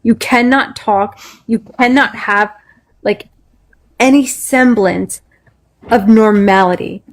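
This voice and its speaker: A woman's voice: on the high side, slow. Furious woman swearing nonstop. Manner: angry, swearing constantly. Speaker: panel speaker. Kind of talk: heated live-stream argument.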